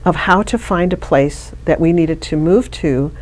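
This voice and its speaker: This middle-aged woman talks unhurriedly in a low voice with a darkish tone. As a guest in a relaxed interview conversation, she tells a personal story in a chatty style, with frequent restarts.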